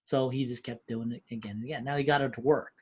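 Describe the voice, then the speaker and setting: A man's voice: medium pitch, fairly even intonation, fast talker, darkish tone, slightly rough. A man co-hosting a podcast, talking in a profane, ranting way and mocking people in quoted voices. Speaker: podcast co-host. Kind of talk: casual chat.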